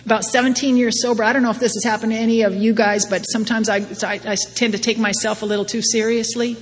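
A woman's voice: a little high, little pitch movement, fast, husky. A middle-aged woman giving a personal testimony talk at a recovery meeting, wry and self-deprecating, often laughing at herself. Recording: long hall reverb, faint background noise.

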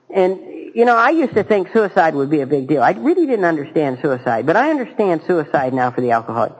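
A man giving a halting, earnest personal testimony to a recovery group, with dry self-mocking humor. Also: on the high side, poor audio. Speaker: speaker sharing his recovery story.

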